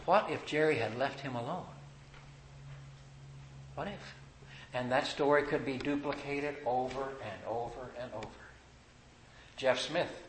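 Fervent preacher in an echoey hall. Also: male voice, mid-range voice, slight background noise. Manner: fervent preaching that swells to loud emphatic passages. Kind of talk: sermon.

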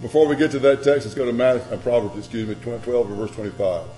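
A man preaching a sermon, dramatic, swinging between loud emphasis and quiet scripture reading. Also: medium pitch, steady tone, fast, faint music behind. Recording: echoey room with mains hum.

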